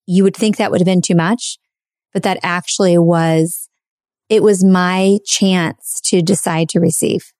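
A woman's voice: on the low side, warm tone, no echo, clean studio sound. A woman podcast host in casual conversation, telling a heartfelt personal story in a chatty way, full of fillers.

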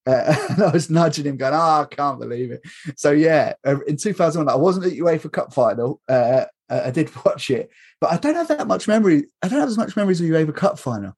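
A man's voice: a little high, expressive, fast talker, darkish tone, slightly rough. A man, chatting casually as a podcast guest, laughing often and restarting his sentences. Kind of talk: casual chat.

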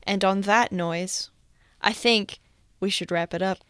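A woman's voice: mid-range voice, fairly even intonation, measured pace, fairly bright tone, smooth, dry recording, studio quality. A woman co-hosting a podcast, upbeat as she wraps up and reads credits. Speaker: podcast co-host. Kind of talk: casual podcast chat and outro.

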